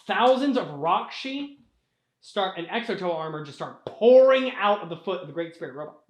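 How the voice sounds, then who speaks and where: A man's voice: high-pitched, animated, normal speed, reverberant. A young man casually retelling a sprawling story for laughs, swearing often and laughing at his own slips. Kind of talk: casual comic storytelling with put-on character voices.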